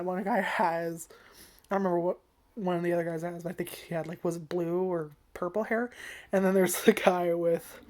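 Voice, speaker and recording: A woman's voice: lowish voice, a little mellow. Rambling, giggly young woman reviewer. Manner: rambling, giggly, swears a lot. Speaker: anime reviewer. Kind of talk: unscripted casual review.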